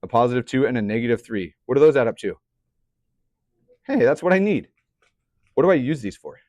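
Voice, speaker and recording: A man's voice: mid-range voice, very animated, fairly quick, a little mellow, no room sound, clean studio sound. A young man teaching a math class, chatty, often putting questions to the students. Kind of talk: classroom lecture.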